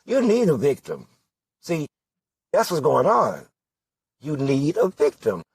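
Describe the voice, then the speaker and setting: Slow, deliberate male political candidate, husky timbre, hammering rhetorical questions. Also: a little high, huge pitch swings, no echo. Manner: rhetorical questions, emphatic repetition. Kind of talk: impassioned political monologue.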